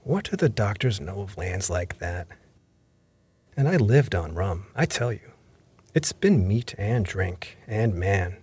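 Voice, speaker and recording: Man doing an old sea captain, ailing, gruff, husky, low-voiced, storybook audiobook. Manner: coaxing, then gruff and rough-spoken. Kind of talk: audiobook character reading.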